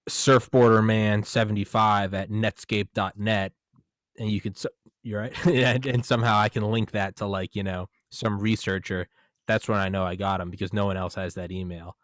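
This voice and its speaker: A young man tells a rambling story in casual podcast talk, quoting himself along the way and swearing freely. His voice sits fairly low. The sound is dry and close. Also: fairly even intonation, moderate pace, no room sound. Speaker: podcast host. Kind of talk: casual conversation.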